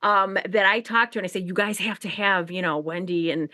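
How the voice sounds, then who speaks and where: A chatty woman co-host with a bright, forward tone, talking casually in loose run-on sentences. Her voice is close and dry, with no room sound around it. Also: medium pitch, brisk, dry recording. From Chicago. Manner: chatty, rambling, many fillers and restarts. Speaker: podcast co-host. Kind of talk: casual conversational interview.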